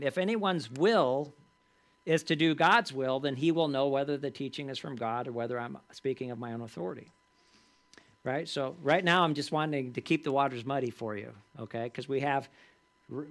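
A man teaching a Bible study class in a conversational way, often checking in with the group through quick tag questions and reading scripture aloud with added emphasis. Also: on the high side, fairly bright tone.

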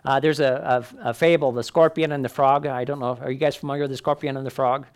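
A man's voice: mid-range voice, fairly even intonation, fast talker, clear, resonant tone. A man teaching a Bible class in a conversational way, often checking in with the listeners.

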